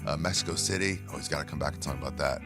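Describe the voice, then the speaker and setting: A man's voice: a bass voice, very fast, creaky, over music. A man hosting a podcast sign-off and then telling a crude, rambling stand-up story. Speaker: podcast host and comedian.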